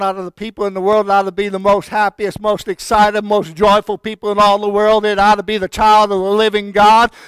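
A man preaching a sermon with fervor, swinging from quiet talk up to shouted declarations. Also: sits high, smooth, dry recording. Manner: fervent, rising to shouted declarations.

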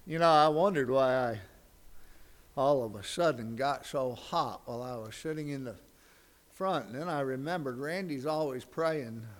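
A man's voice: mid-range voice, moderate pace. A male pastor preaching a sermon with folksy, humorous storytelling.

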